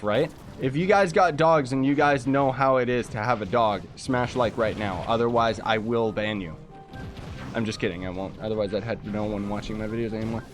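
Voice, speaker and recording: A young man from Canada chatting casually while livestreaming a game, reading chat messages aloud and making jokey asides. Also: mid-range voice. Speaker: livestreaming gamer.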